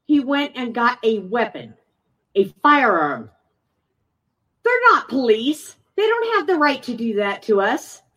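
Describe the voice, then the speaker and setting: A woman speaks slowly and haltingly, her voice sitting fairly high and full of emotion as she gives public testimony. She is picked up from some distance from the microphone, so she sounds set back in the room. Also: very animated, bright, forceful tone. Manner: emotional, halting, with frequent pauses. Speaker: resident speaking at a public meeting.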